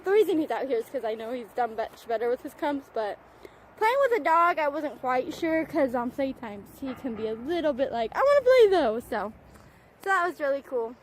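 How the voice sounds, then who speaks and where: Young woman chatting on her phone cam at the park, laughs a lot, kinda high voice, bit of outdoor noise. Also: lively intonation, normal speed, poor audio. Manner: chatty, laughs often, high praise calls to dog. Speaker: vlogger with service dog. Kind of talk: casual vlog narration. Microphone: handheld phone camera.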